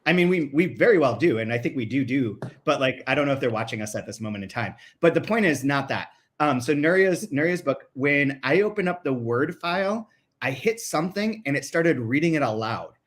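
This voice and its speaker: A man's voice: mid-range voice, animated, a little fast. A man hosting a podcast, talking loosely about books with many fillers and restarts. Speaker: podcast host. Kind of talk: casual book discussion.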